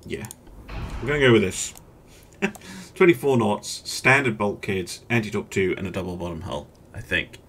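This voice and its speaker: A man hosting a gaming channel, giving relaxed gameplay commentary and thinking aloud as he works through choices, with hesitant fillers. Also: lowish voice, gravelly, a little hiss or hum.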